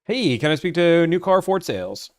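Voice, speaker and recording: A man's voice: on the high side, big pitch swings, moderate pace. A young man from Georgia chatting casually on a live stream about buying cars, rambling and filling his talk with "like.". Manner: rambling, full of "like" fillers.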